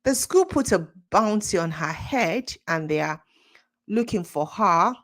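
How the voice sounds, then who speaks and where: A young Nigerian woman hosting a casual commentary, her voice sitting on the low side. She talks with indignant exclamations and small laughs as she weighs in on online behavior. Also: animated, measured pace, a bit bright. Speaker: commentary channel host.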